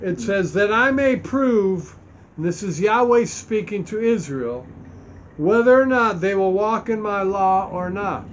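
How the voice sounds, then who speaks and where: A man's voice: high voice, lively intonation, a little slow, slight background noise. A man preaching, reading scripture aloud and stressing its key points. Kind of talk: Bible teaching sermon.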